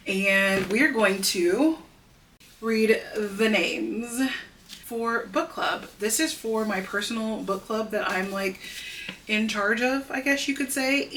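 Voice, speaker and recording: Bright, animated woman vlogging. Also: mid-range voice, slight background noise. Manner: animated, self-mocking and dramatic. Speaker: book vlogger. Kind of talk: casual vlog chat. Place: at home, indoors. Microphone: camera mic.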